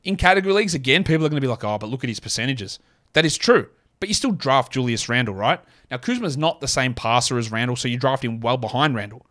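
Man, podcast host, opinionated, self-deprecating, mid-pitched voice. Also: lively intonation, fairly bright tone. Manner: opinionated, quick asides, self-deprecating jokes. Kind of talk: solo fantasy basketball podcast.

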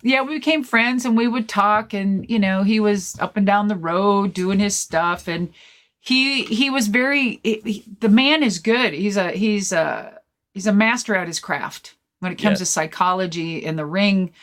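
A woman guest-hosting a podcast, telling stories in a rambling, animated way with lots of fillers and swearing. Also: medium pitch, measured pace. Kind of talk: casual storytelling chat.

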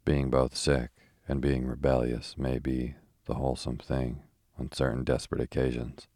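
A man's voice: a bass voice, completely flat delivery, normal speed, dry recording, clean studio sound. A man reading the part of an argumentative young male poet with a grim, ironic manner. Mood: irritable. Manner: irritable, grim, then gently ironic.

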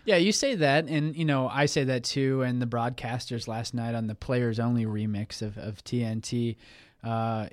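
A man's voice: mid-range voice, normal speed, no echo. Easygoing young man talking basketball. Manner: easygoing, teasing, many restarts. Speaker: podcast co-host. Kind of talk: casual sports chat.

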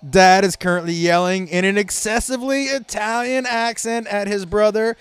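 A man hosting a comedy podcast, telling stories in a profane, animated way and laughing at his own jokes. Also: high-pitched, moderate pace, clear, resonant tone, no room sound. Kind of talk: casual comedic monologue. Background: faint rock music playing.

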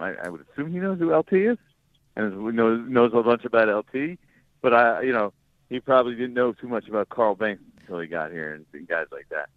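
A man, a sports reporter, calling in as a guest and explaining things in a relaxed, rambling way. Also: medium pitch, a little fast, no room sound. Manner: relaxed, explains at length with fillers. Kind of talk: casual radio interview. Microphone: phone line. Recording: tinny phone line.

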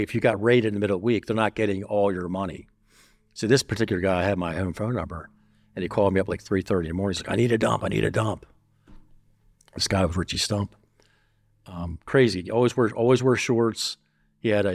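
A man telling a story as an interview guest, blunt and profane, getting animated. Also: lowish voice, no echo, clean studio sound.

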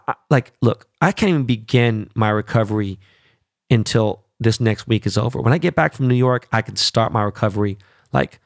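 A man hosting his podcast on his own, talking casually with a lot of swearing and animated, rambling asides. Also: lowish voice, creaky, no echo, studio quality. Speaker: podcast host. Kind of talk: casual solo podcast chat.

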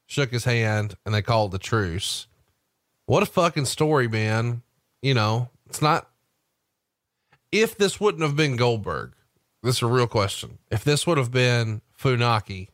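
A man hosting a podcast, retelling a backstage story with animated energy and asking his co-host questions. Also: medium pitch, measured pace, dry recording, studio quality. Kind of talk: casual storytelling chat.

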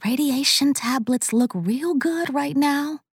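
A woman's voice: on the high side, slow, creaky, a little mellow, slightly rough, no echo, clean studio sound, voice pushed up, exaggerated voice. A woman voicing a frightened, ill young woman who speaks nervously with a wry edge.

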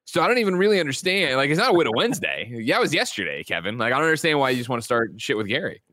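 A man hosting a casual video game news show, joking and talking in a quick, energetic way. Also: medium pitch, dry recording, clean studio sound. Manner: energetic, joking, rapid-fire host delivery. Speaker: host.

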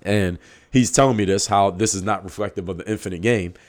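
Male host, lowish voice, blunt and emphatic monologue, swears freely. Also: fairly quick. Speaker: podcast host. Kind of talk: casual monologue.

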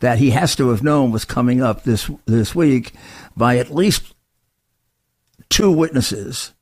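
A man co-hosting a political talk show, talking in quick, rambling runs full of restarts and asides. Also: mid-range voice, darkish tone. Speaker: co-host.

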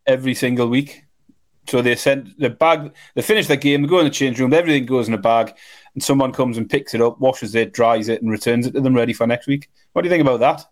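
A man with a mid-pitched voice co-hosts a podcast in relaxed, casual chat. He speaks in a matter-of-fact way with a dry sense of humor. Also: quick pace. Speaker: podcast co-host.

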